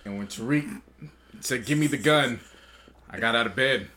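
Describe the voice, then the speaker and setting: A man's voice: mid-range voice, normal speed, bright, forceful tone. A man co-hosting a podcast, playfully telling how he watched a TV episode. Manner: storytelling, playful, laughs. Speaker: podcast co-host. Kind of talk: casual chat.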